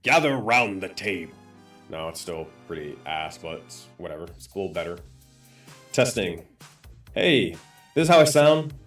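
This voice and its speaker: A man with a fairly low voice talks casually to his stream chat while he fiddles with his microphone settings. He repeats test phrases and sounds more and more annoyed. Soft music plays faintly in the background. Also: normal speed. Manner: frustrated, testing his mic with repeated phrases.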